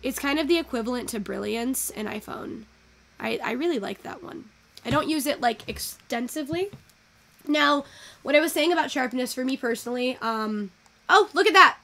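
Gushing, chatty woman with gravelly fry. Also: high voice, moderate pace. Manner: chatty, swearing, gushing, easily excited. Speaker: virtual photography creator. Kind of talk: casual gameplay commentary.

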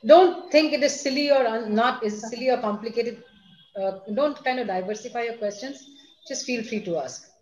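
A woman's voice: a little high, moderate pace, a little mellow. A middle-aged woman with an Indian English accent, a school principal answering questions in an online seminar, stressing points by repeating them. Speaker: school principal giving a talk. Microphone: video call. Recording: echoey, dull video-call audio.

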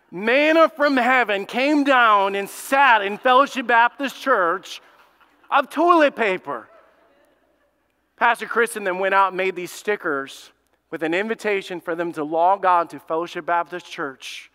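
A man preaching a sermon as pastor, telling a story in a lively, conversational way. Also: high-pitched, clear, resonant tone. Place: church sanctuary. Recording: long hall reverb.

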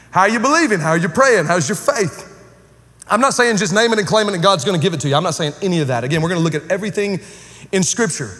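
A man preaching a lively sermon to a church congregation, joking and conversational with casual slang. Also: high voice, long reverb tail. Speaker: pastor. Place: church sanctuary with live congregation.

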